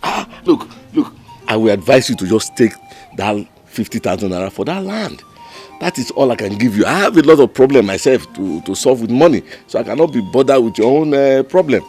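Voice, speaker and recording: This Nollywood performance has a man with a Nigerian accent as a greedy, cold village cabinet member, dismissively mocking a friend who pleads with him. He speaks at medium pitch with big pitch swings, fairly quickly, in a darkish tone over soft background music.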